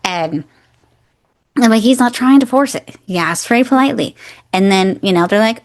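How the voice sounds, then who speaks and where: A woman's voice: a little high, animated, moderate pace. A woman in her forties co-hosting a podcast, chatting casually and enthusiastically about a film, acting out lines as she goes. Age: 40s. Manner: enthusiastic, acts out quoted lines. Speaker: podcast co-host. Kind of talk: casual chat.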